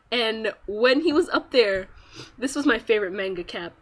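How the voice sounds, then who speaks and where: A woman talking casually to her viewers in an excited fan rant, acting out quotes with big jumps in pitch and sudden squeals. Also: husky. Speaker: manga fan vlogger.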